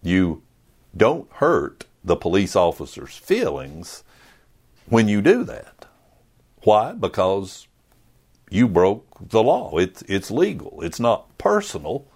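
A man's voice: on the low side, huge pitch swings, takes it slowly, creaky, a little mellow, husky. A man preaching a sermon in an earnest, conversational way, acting out little asides. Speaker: pastor.

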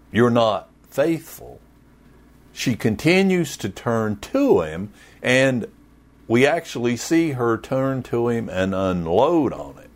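A male pastor delivering a sermon in a slow, deliberate rhythm. His fairly low voice swings widely in pitch as he tells the story with jokes and folksy sayings.

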